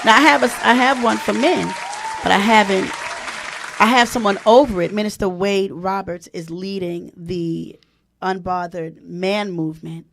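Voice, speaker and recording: A woman hosting a casual online radio talk show, excitable and quick to laugh and exclaim, greeting listeners in the chat. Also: mid-range voice, vocal fry, a faint crowd. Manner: spells words aloud, reads chat comments.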